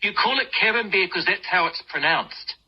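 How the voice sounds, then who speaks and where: A woman's voice: medium pitch, animated, moderate pace, husky, dull audio. A woman from Auckland with a New Zealand accent, challenging a caller on the radio. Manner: challenging, probing.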